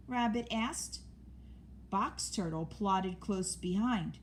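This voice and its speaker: A woman reading a children's story aloud in a gentle, expressive way. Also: mid-range voice, slow, a little hiss or hum.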